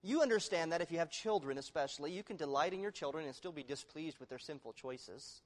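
A male pastor preaching a sermon, moving between loud, emphatic declarations and quiet, hushed appeals to the congregation. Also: fairly high pitch, expressive, fast talker. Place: church sanctuary. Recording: long reverb of a large hall.

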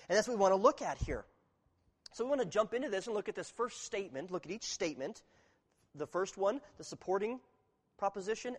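A man preaching an expository sermon, teaching earnestly and reading scripture aloud with emphasis. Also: sits high. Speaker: pastor. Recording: reverberant hall.

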